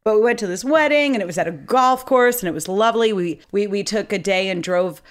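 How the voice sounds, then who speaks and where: A woman's voice: medium pitch, brisk. A woman in her thirties co-hosting a podcast, telling stories in casual chat and swearing freely. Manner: chatty storyteller, swears freely. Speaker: podcast co-host.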